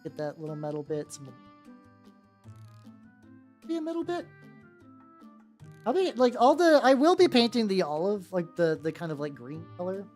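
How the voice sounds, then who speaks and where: A woman with a gentle, relaxing voice chatting casually on a stream while painting miniatures, rambling with lots of restarts and casual swearing. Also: mid-range voice, big pitch swings, normal speed, long pauses. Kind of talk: casual chat. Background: faint background music.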